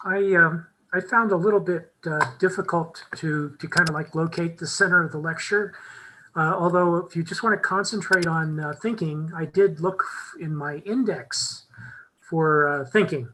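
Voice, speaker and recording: A participant in a casual discussion group, speaking hesitantly with many fillers and pauses. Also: medium pitch, background noise. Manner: hesitant, halting, full of fillers.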